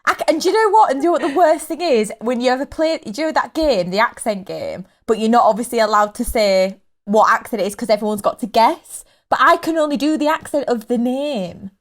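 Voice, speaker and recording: A woman's voice: fairly high pitch, brisk, few pauses. An English woman co-hosting a podcast chats casually with friends. She giggles, trails off and has a go at accents. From England. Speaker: podcast co-host. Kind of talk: casual chat among friends.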